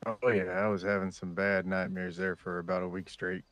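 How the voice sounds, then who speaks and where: A man with a very deep voice chats easily in character during an online roleplay. He talks in a drowsy, laid-back way. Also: flat delivery, fairly quick, a bit bright. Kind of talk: in-character roleplay phone chat.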